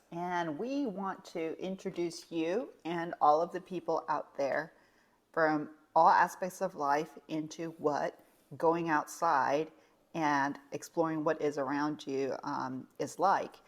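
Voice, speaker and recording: Low-voiced young woman co-hosting a podcast. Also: a little slow. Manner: chatty, rambling with fillers. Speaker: podcast co-host. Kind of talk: casual podcast chat.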